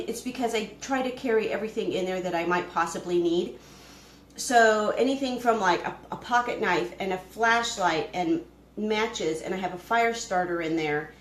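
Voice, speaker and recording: A woman's voice: medium pitch, echoey room, slight background noise, poor audio. A woman hosting a casual homesteading live stream from her home kitchen, chatting and rambling as she cooks and greets viewers by name. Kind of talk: casual live-stream chat while cooking. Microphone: camera she moves around the kitchen.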